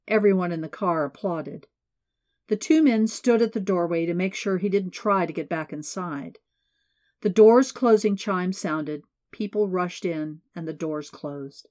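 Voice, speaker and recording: A woman's voice: on the low side, darkish tone. Woman narrating an audiobook steadily.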